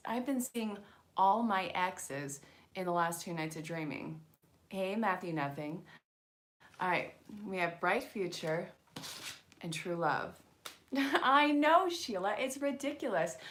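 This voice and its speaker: A woman chatting excitedly on a live stream as an angel card reader, talking to her viewers and laughing often. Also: medium pitch. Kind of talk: casual live-stream chat.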